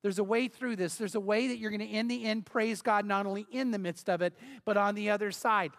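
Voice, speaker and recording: A man's voice: high-pitched, fairly even intonation, a little fast, fairly bright tone. A middle-aged male pastor preaching a sermon in an earnest, emphatic way, building with repeated phrases.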